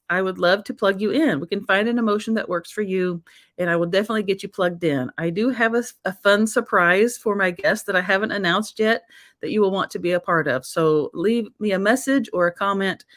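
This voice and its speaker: An emotional, effusive woman hosts a casual live-streamed conversation. Her voice sits at a middle pitch, and laughter often breaks into her talk. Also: brisk, a bit bright. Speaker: host.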